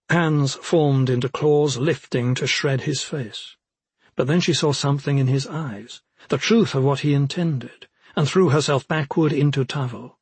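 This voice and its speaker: A man narrating a fantasy audiobook in a husky voice, with measured, even storytelling. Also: mid-range voice, no echo.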